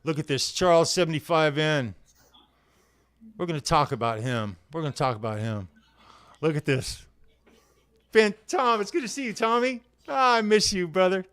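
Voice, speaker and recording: Laid-back man greeting viewers, smooth voice. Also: fairly high pitch, very animated, moderate pace, long pauses, a bit bright, dry recording. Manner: laid-back, friendly, says "right on, man" often. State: worn out from heavy physical labor. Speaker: live show host. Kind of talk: casual livestream chat greeting viewers.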